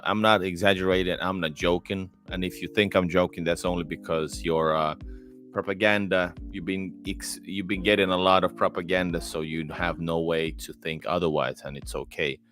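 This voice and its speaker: Livestream host, male, deep low voice, rambling casual delivery, faint music bed. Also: fairly bright tone. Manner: rambling, many fillers and restarts. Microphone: close desk mic.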